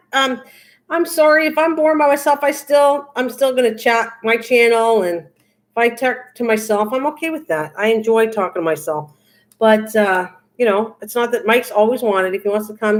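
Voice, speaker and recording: An older woman hosting a craft livestream, chatting casually with her viewers in a goofy, teasing, rambling way. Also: a little high. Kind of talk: casual chat with live viewers.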